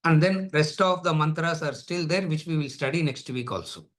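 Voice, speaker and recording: A man teaches in a somewhat high voice. He keeps the lecture lively with rhetorical questions and laughter, and he slows into drawn-out chanting for the sacred verses. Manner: drawn-out chanting of Sanskrit words. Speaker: Vedanta teacher.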